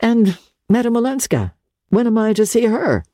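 A reader voicing a guarded young gentleman in an audiobook, giving hushed, halting, half-whispered replies. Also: mid-range voice, very animated, no room sound, clean studio sound, voice pushed up, close to an everyday voice. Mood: hesitant. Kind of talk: audiobook character voice.

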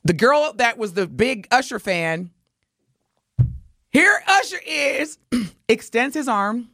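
A woman co-hosting a morning radio show, telling a story in lively chat and acting out the voices of the people in it. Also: a little high, slow, dry recording, studio quality. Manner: animated, acts out voices while telling a story. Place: radio studio.

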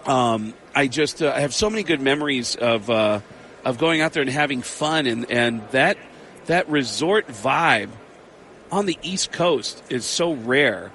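A man, a comedian and voice actor, telling stories in an animated way as a guest in a casual interview. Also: mid-range voice, a little slow, a little hiss or hum. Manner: animated, laughing storyteller. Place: outdoor radio row at a big game.

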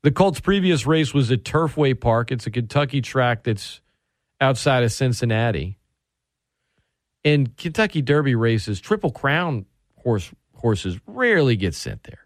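A man hosting sports talk radio, excitable and animated, often restarting his sentences. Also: medium pitch, a little slow, no room sound, clean studio sound.

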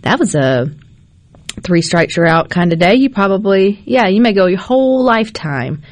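A woman hosting a radio talk show in a studio, chatty and quick to laugh. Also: medium pitch, sing-song, no room sound. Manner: chatty, giggly, laughs often. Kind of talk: casual radio chat. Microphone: studio microphone.

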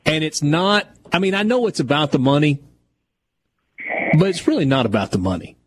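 A man's voice: on the high side, sing-song, normal speed, slight background noise. A male radio host speaking earnestly and sincerely in casual on-air talk.

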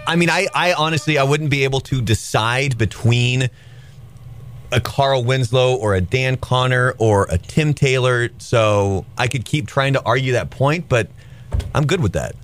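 A man's voice: mid-range voice, unhurried, fairly bright tone. A man from Oklahoma co-hosting a morning radio show, chatting casually and often restarting his sentences. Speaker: radio co-host.

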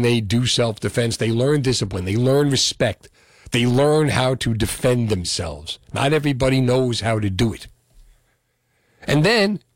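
A man's voice: medium pitch, no room sound, clean studio sound. A male radio talk show host, delivering an indignant call-in monologue full of rhetorical questions.

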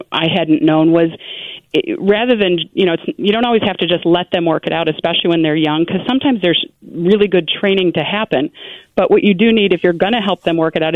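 A woman guest giving parenting advice in an earnest, animated conversational way, full of "you know" asides. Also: fairly low pitch, dry recording. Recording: tinny phone-like line.

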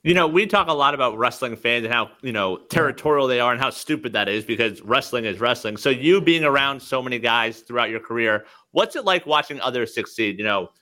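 Quick-talking male co-host with a bright tone, casual interviewer. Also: mid-range voice, expressive. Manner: quick, chatty questioning. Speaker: podcast co-host.

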